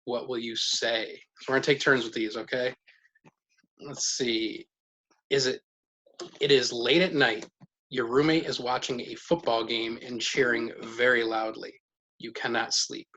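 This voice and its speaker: A man's voice: mid-range voice, fairly even intonation, unhurried, bright, forceful tone. A man leading a casual life-skills lesson at home with his children, asking questions and praising their answers. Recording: dull lo-fi sound with faint noise.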